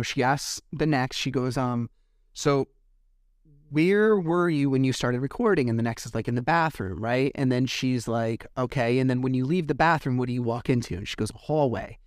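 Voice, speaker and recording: This podcast host recounts events casually and with animation, playing out quoted back-and-forths and occasionally cursing. His voice sits mid-range, and the recording is dry with clean studio sound.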